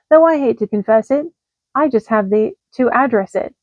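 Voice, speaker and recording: Woman reading funny rhyming letters, kinda high voice, sing-song, dry dull-ish recording. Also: animated, moderate pace, no echo. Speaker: storyteller.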